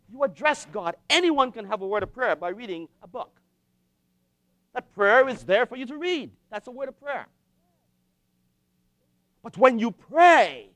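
A man preaching a sermon in an impassioned way, with dramatic pauses and repetition. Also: very high voice, a bit bright, no echo.

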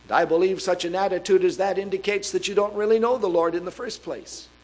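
Earnest preacher man, slightly high voice. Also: fairly even intonation, poor audio. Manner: earnest preaching that reads scripture aloud; emphatic, slowing and stressing key words. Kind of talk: sermon.

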